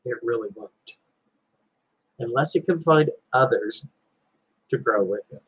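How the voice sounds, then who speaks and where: Husky man telling a parable. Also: medium pitch, unhurried, a bit bright, rough recording. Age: adult with children. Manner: storytelling, earnest, uses parables. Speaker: speaker giving life advice. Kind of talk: reflective motivational talk.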